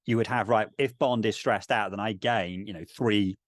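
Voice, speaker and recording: A man's voice: on the low side, fairly even intonation, normal speed, dry recording, clean studio sound. A man co-hosting a podcast, thinking aloud about game design in a rambling, filler-heavy way. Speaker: podcast co-host. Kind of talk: casual discussion of game design.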